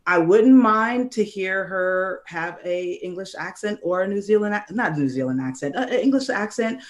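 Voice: medium pitch, lively intonation, normal speed. Hesitant young panel guest. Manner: hesitant, many ums and restarts. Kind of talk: casual panel discussion.

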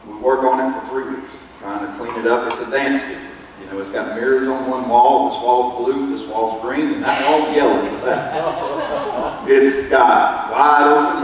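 A man's voice: medium pitch, slight background noise. A man, preaching as a pastor, telling a personal testimony in a folksy storytelling way. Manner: folksy storytelling, quotes others in lively bursts. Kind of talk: sermon testimony. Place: church sanctuary. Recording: echoey church hall, distant mic.

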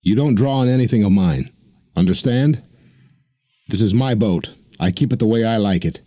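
A man voicing a gruff, solitary sailor in an audiobook, terse and snarling. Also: fairly low pitch, unhurried, mellow, no echo. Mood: scolding. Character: gruff, solitary male sailor, cold and curt.

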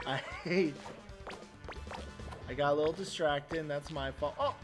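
Excitable, slow-talking male streamer. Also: a little high. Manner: excitable, swears in bursts. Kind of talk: casual gameplay commentary. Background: game music.

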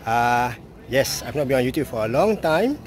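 Climbing steps on an outdoor hillside trail, a man narrates his hiking vlog to the camera, a little breathless. He's an outdoor educator with a medium-pitched, sing-song voice and a moderate pace.

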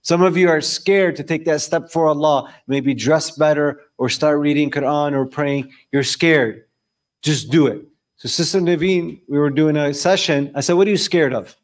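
A young man leading a live group discussion before an audience in a room, telling stories and questioning the room in an animated way. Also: fairly high pitch, moderate pace. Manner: animated, storytelling, quizzing the audience. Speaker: discussion leader.

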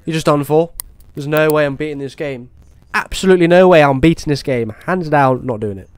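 A man's voice: a little high, a little fast, smooth, no room sound. Jumpy, swearing British man gaming. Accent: British English. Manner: jumpy, swearing, excitable reactions. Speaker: gaming YouTuber. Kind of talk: horror game let's play commentary.

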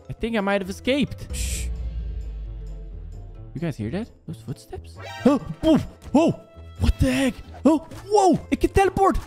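A young man hosting a gaming channel, giving jumpy, exclaiming commentary on a horror game and talking to his viewers. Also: mid-range voice.

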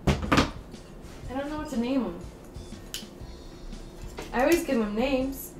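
With music in the background, a young female gaming channel host comments casually on gameplay in a high, slow voice. Cute things make her gush and squeal, and she giggles constantly.

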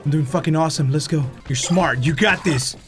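A man's voice: a little high, fairly quick, soft background music. Panicky screaming man playing a horror game. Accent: Mexican. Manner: screams and swears in panic, switches into Spanish. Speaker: gaming YouTuber. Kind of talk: let's-play commentary.

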